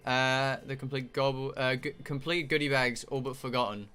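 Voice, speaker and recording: A man's voice: medium pitch, steady tone, normal speed, bright, forceful tone, clear, resonant tone, faint music behind. A British man streaming a game playthrough, reading the on-screen text aloud and chatting to viewers in a joking, rambling way, stumbling over words now and then.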